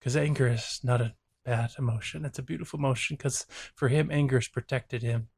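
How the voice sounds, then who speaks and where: Earnest man reflecting in an even tone. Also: medium pitch, brisk, vocal fry, slightly rough, no echo. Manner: earnest, reflective, openly emotional. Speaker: therapist and show host. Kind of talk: reaction commentary.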